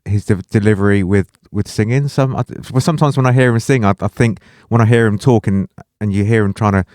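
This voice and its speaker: A man's voice: lowish voice, darkish tone, dry recording, clean studio sound. A man co-hosting a podcast, thinking aloud about music and teasing his friends. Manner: reflective, teasing, drawn-out thoughts. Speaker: podcast co-host. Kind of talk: casual music discussion.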